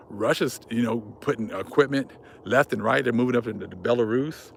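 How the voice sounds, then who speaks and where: Gravelly man preaching fervently. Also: mid-range voice, a little fast, hardly any pauses, a little hiss or hum. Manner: fervent, repetitive, casual slang. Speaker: vlog host. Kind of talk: religious commentary monologue.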